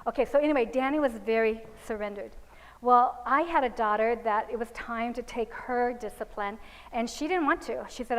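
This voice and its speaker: A woman's voice: fairly high pitch, moderate pace, in a large hall, poor audio. A woman giving a religious parenting seminar, telling anecdotes and acting out the voices of the people in them. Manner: storytelling, acts out quoted voices of children and parents. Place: seminar hall.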